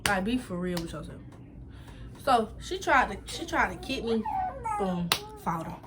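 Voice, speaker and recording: A young woman with a New York accent, casually telling a storytime in an animated, chatty, slangy way. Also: normal speed, background noise. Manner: animated, chatty, slangy retelling with repeated "boom". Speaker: vlogger.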